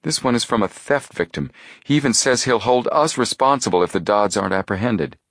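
A man's voice: on the low side, brisk, fairly bright tone, no echo, studio quality, pitched above the performer's own voice. A man voicing an eager, questioning teenage boy detective.

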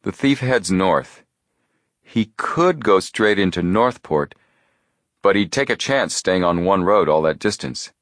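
A man voicing a calm, methodical teenage detective boy who explains his reasoning in a measured way. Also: low-pitched, no echo, studio quality.

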